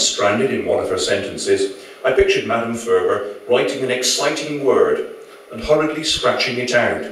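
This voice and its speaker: A man's voice: on the low side, slight background noise. A male author reading his novel aloud to an audience at a live venue, with dry, wry storytelling. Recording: very echoey room, mic far off.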